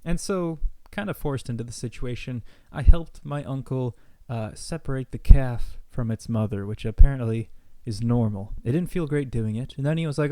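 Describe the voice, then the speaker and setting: A young man telling a comic story in a deadpan, mock-serious rambling way, like a vlogger's monologue. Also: medium pitch, moderate pace, few pauses, dry recording. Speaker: comedy vlogger.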